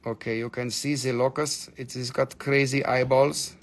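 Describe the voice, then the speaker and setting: Gravelly-voiced joking man selling stones. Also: medium pitch, flat delivery, moderate pace. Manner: playful, joking, slips into put-on broken-English voices. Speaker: live-stream seller of crystals and stones. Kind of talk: live-stream sales chat.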